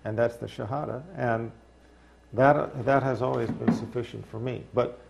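A man speaking as an interview guest, reflective and unhurried, with dry humor and frequent fillers. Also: mid-range voice, steady tone, gravelly, background noise. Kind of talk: casual interview talk.

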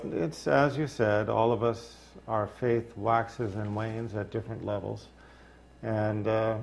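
Gravelly-voiced man, reflective guest. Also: fairly low pitch, a little mellow. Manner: reflective, with dry sarcastic humor and frequent fillers. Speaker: interview guest. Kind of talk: casual interview talk.

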